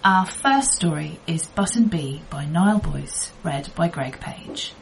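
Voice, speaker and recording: A woman hosting a podcast, reading out measured scripted introductions. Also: deep voice, expressive, gravelly, a little hiss or hum, poor audio. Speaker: podcast host.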